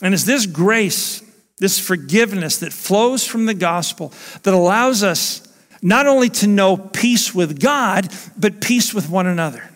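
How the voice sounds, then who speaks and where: A man's voice: high voice, expressive, measured pace, fairly bright tone, long reverb tail. A man preaching a sermon as pastor, earnest and emphatic, repeating his key phrases.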